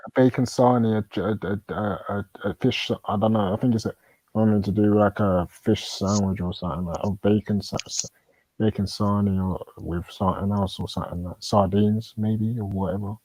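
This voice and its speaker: A man chatting casually alongside a streamer, hesitant and quick to laugh. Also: fairly low pitch, fairly even intonation, darkish tone, no room sound, poor audio. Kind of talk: casual chat.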